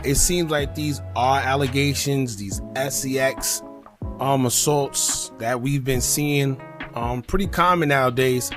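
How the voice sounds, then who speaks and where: A man hosting a casual commentary show, chatty and promotional in tone. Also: medium pitch. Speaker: host.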